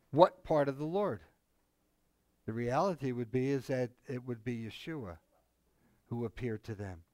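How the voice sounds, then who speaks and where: A man's voice: a little high, dry recording. A man co-hosting a casual Bible discussion, talking in a rambling, conversational way with many asides and frequent chuckles. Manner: chuckles often, mimics others animatedly. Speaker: Bible study co-host.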